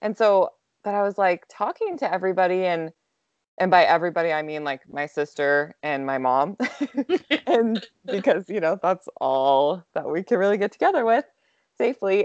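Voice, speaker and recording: Young woman, chatty storyteller, lowish voice, dry muffled recording. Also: lively intonation, moderate pace, darkish tone, no room sound. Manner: chatty, lots of "like" fillers, laughs often. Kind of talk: casual storytelling chat.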